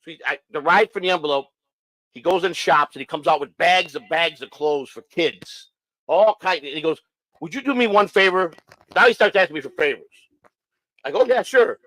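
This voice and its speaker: A man telling his own story in an excited, profane way, acting out what others said to him. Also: on the high side, a little fast, no echo, low-quality recording. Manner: excited, profane, acts out quoted dialogue. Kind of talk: storytelling clip.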